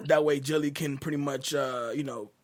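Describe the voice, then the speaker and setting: A man hosting a casual movie review chat, laid-back and quick to chuckle. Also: fairly high pitch, steady tone. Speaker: host.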